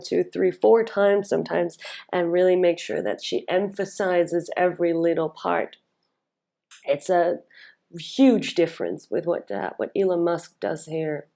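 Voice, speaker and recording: A woman speaking coach comments on a recorded speech in her own video. Her voice sits fairly low with a gravelly vocal fry. She talks in a chatty way, thinking aloud with fillers and restarts, and leans on the words she wants to stress. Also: mellow.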